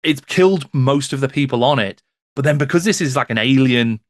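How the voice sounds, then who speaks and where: Podcast guest guy, mid voice, thinks out loud, lots of restarts, dry mic. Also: medium pitch, lively intonation, fairly quick, no echo. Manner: thoughtful, with many restarts and "you know"s. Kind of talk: casual film podcast chat.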